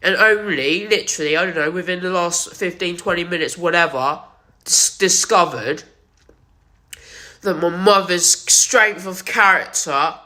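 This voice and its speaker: A vlogger, crying and sniffling while talking, halting and repeating themselves with many restarts, speaking into a wired earphone mic. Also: mid-range voice, bright, forceful tone. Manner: halting, repetitive, many restarts and self-corrections. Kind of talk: emotional confessional vlog. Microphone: wired headset or earphone mic.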